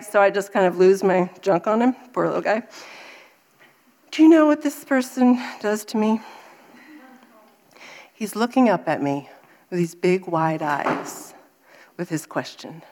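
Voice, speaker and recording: Woman in her 30s giving a faith talk, animated storyteller, acts out her own frustration. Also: medium pitch, unhurried, pauses often.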